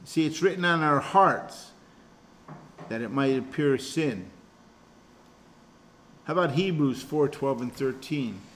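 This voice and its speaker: A man leads a small Bible study class as its pastor, talking through scripture in a relaxed, conversational way. He explains one verse at a time and often restarts his phrases mid-sentence. His voice sits at an ordinary middle pitch, with a faint hiss of noise behind it. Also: slow, pauses often. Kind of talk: informal Bible study teaching.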